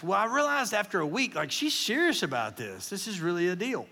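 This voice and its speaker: A man's voice: sits high, fast talker, hardly any pauses. A man, preaching as a guest speaker and telling folksy, joking stories to a congregation. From Kentucky. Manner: folksy, joking, animated storytelling. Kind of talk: humorous sermon storytelling. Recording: long echo of a large hall.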